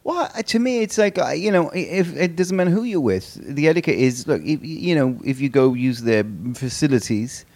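A man's voice: on the high side, expressive, darkish tone. A man in a loose comedy conversation, stumbling through fillers before landing a dry punchline. His delivery is wry and a little hesitant. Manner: hesitant, wry, quick quips. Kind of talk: casual comedic chat.

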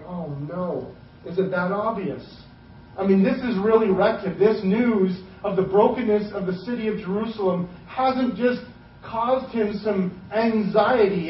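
Man, pastor, casual sermon, fairly high voice, distant mic, echoey hall, dull lo-fi sound. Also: a little hiss or hum. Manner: casual, conversational preaching with acted asides.

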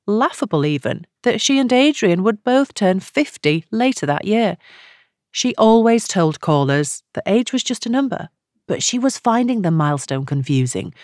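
A woman reading a novel aloud in a low voice, with a measured storytelling manner. The recording is close and dry, like a studio audiobook. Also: a little mellow, dry recording. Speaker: audiobook narrator. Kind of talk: scripted narration.

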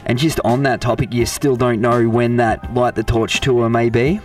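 Chatty Australian podcast host, slightly distant. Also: male voice, mid-range voice, steady tone, normal speed, soft background music. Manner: upbeat, chatty, calls the guest "man". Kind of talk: casual interview.

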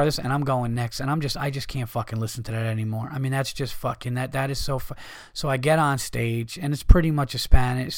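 A man rants on his comedy podcast in a mid-range voice, swearing freely and pushing his points hard. The recording is dry, with no room echo. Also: medium pitch. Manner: profane, heated ranting. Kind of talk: casual podcast monologue.

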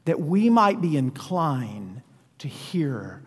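A man's voice: fairly high pitch, big pitch swings, takes it slowly, husky. A man preaching a sermon as pastor, talking conversationally and putting questions to his listeners. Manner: conversational, asks the congregation questions. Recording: long reverb of a church hall.

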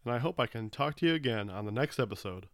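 A young man chats loosely on his own solo podcast, wandering between thoughts and correcting himself mid-sentence. His voice is smooth and clean, at an ordinary middle pitch. It is recorded on a close mic in a dead, dry space. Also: expressive, fast, a bit bright, no room sound. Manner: rambling, loose, self-correcting. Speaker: podcast host. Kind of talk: casual solo podcast chat.

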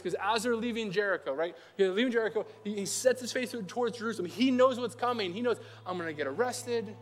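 High-voiced young man preaching casually. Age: young adult. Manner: chatty, animated, acts out quoted voices. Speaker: pastor. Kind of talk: casual conversational sermon.

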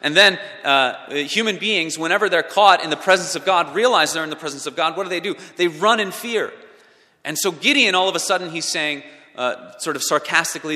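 A male preacher delivering a sermon, swinging from loud emphatic peaks to hushed low passages. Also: fairly quick. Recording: long reverb of a large hall.

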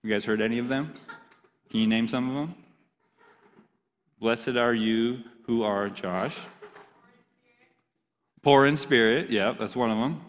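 A man's voice: medium pitch, unhurried, pauses often, big-room sound. A man giving an interactive, joking sermon to a youth group, quizzing the audience as he reads scripture. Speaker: youth pastor.

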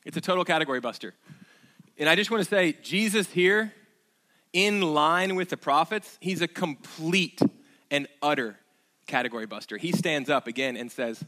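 A man's voice: a little high, moderate pace, bright, forceful tone. A man, preaching a sermon as pastor in a conversational, emphatic way, repeating key phrases.

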